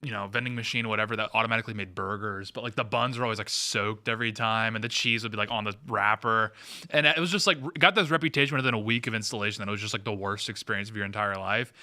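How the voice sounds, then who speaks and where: A man's voice: lowish voice, steady tone, quick pace, bright, forceful tone. A man co-hosting a podcast in casual chat, rambling and laughing with many filler words. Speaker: podcast co-host.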